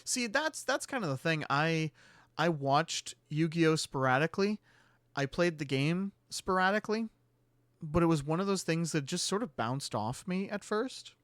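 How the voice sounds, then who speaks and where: A man's voice: a little high, animated, moderate pace, a bit bright, no echo. A man hosting a stream, rambling casually and laughing often. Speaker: streamer host. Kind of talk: casual chat.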